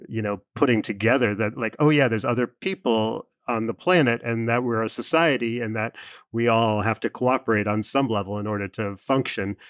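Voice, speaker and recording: A man's voice: lowish voice, dry recording, studio quality. A man co-hosting a podcast in casual chat, giving reflective opinions. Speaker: podcast co-host.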